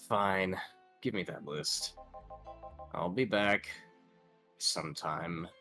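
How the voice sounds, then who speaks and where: A man's voice: deep voice, drawn-out words, sharp tone, soft background music, full character voice. A man voicing a weary, sarcastic young woman bartender with a dry, grumbling delivery. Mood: grudging.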